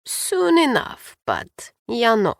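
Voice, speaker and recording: A woman reading an audiobook voices a frail, tender 83-year-old woman, speaking hoarsely, slowly and gently. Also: a little high, huge pitch swings, no room sound, clean studio sound, full character voice. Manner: slow, soft and gentle. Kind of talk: audiobook character voice.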